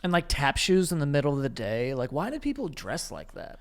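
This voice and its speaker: A man's voice: on the high side, wildly swooping pitch, a little fast. A young man co-hosting a podcast, telling rambling, profane stories in casual chat, with lots of "like" and restarts. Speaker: podcast co-host.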